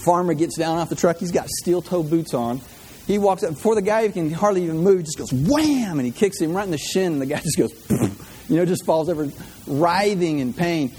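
Chatty high-voiced preacher. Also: male voice, lively intonation, normal speed, a little mellow, husky. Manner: chatty, repeats words, jokey asides. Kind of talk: humorous sermon.

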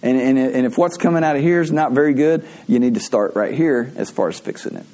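A man's voice: mid-range voice, a little fast, mellow. A man preaching a sermon in a conversational way, asking rhetorical questions and adding playful asides. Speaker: pastor.

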